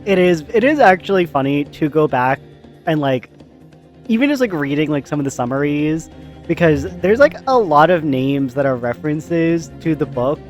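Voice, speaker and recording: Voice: medium pitch, lively intonation, normal speed, faint music behind. Rambling, casual let's play co-host. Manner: rambling, lots of "like" fillers. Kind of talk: casual chat over a game.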